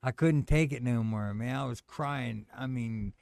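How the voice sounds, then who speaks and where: A middle-aged man telling a personal story in casual chat, animated and acting out the voices of others. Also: mid-range voice, a little slow, gravelly, dry recording. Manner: animated storyteller, acts out quoted voices, says "man" a lot.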